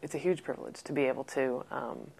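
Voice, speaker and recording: A woman's voice: extremely low pitch, fast talker, creaky, darkish tone, husky. A woman who works in palliative care, earnestly reflecting on being present at a child's end of life. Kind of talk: documentary interview.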